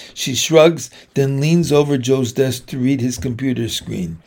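Slow, steady man reading a novel. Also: medium pitch. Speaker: reader. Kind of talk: reading a children's novel aloud.

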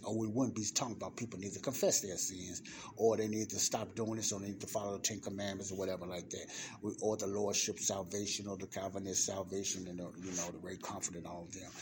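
Low-voiced man preaching with emphatic repetition. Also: noisy background. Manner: emphatic, repeats key words and hammers them louder; plain-spoken, conversational asides to listeners. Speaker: Bible teacher and podcast host. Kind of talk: informal Bible teaching.

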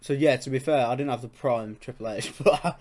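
A man's voice: medium pitch, fairly quick, a little mellow. A young man from England hosting a casual podcast chat, swearing freely and laughing with his friend. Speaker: podcast host.

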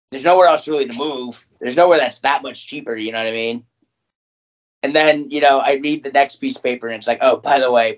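A young man co-hosting a podcast, ranting with frequent swearing in casual chat. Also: mid-range voice. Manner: ranting, profane, animated. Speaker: podcast co-host.

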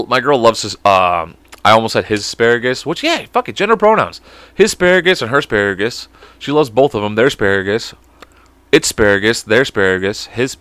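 A man's voice: medium pitch, creaky, bright, forceful tone, dry recording. A man with an American accent hosting a comedy podcast, reading aloud with stumbles, swearing a lot and drifting off topic. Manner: profane, goofy, drifts off topic, puts on silly voices; stumbles over words while reading. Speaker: podcast host. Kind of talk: rambling comedic podcast monologue.

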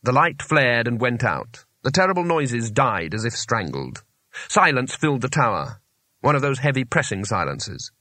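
A male narrator reads a comic fantasy novel in a measured, expressive way, with a lively, varied pitch. The recording is dry and close, with no room sound at all. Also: no room sound. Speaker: audiobook narrator. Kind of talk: scripted narration.

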